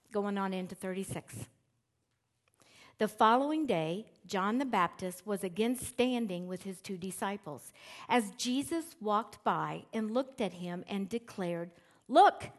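A middle-aged woman preaching a sermon in a church, talking casually to the congregation and acting out the quotes she reads. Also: mid-range voice. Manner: conversational and animated, acts out quotes with shifting emphasis. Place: church sanctuary with screens.

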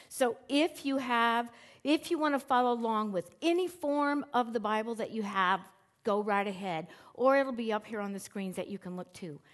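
A middle-aged woman preaching a sermon in a church, talking casually to the congregation and acting out the quotes she reads. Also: a little high. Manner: conversational and animated, acts out quotes with shifting emphasis. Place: church sanctuary with screens.

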